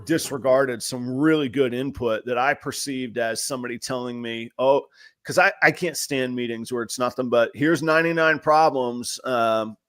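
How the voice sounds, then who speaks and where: A man's voice: mid-range voice, moderate pace, fairly bright tone. A man hosting a podcast, telling candid, self-deprecating work stories and acting out the quotes in them. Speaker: podcast host. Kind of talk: casual chat.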